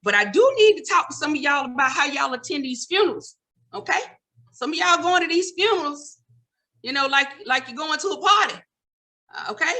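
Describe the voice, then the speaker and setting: Sassy woman doing stand-up, bright and high. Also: expressive, fairly quick. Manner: sassy, scolding, conversational with audience asides. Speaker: comedian. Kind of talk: stand-up comedy routine.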